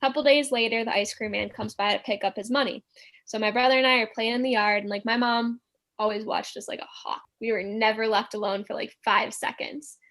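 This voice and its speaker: A young woman telling a story as a podcast guest, animated and acting out the quotes, with many filler words. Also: fairly high pitch, fairly quick. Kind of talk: casual storytelling.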